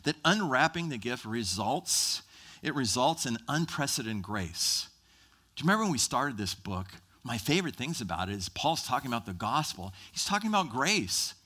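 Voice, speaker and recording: A man's voice: mid-range voice, very animated, normal speed, bright, forceful tone. A man preaching a sermon in a church, teaching from Scripture and acting out the voices of Bible characters. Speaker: pastor.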